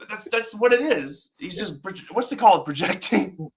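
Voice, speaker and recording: A man's voice: sits high, animated, measured pace, creaky. A man chatting casually as a podcast guest, rambling and stammering with many repeated words while telling stories. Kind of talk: casual chat.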